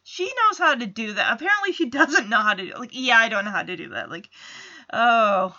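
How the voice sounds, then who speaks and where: A woman's voice: a little high, lively intonation, fairly quick, bright, forceful tone, dull audio. A woman chatting through a casual episode recap, with amused asides.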